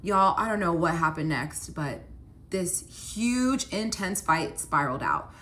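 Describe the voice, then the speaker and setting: A woman's voice: on the low side, expressive, unhurried, a bit bright, a little hiss or hum. A woman telling a personal story in a casual storytime style, chatty and full of "like", talking straight to her viewers. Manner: chatty, heavy use of "like"; addresses the viewers directly.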